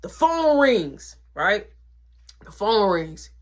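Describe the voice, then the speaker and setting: Speaking very slowly in a mid-range voice, this woman vlogger recounts a family story. Her delivery is slangy and animated as she performs the quotes of the people in it.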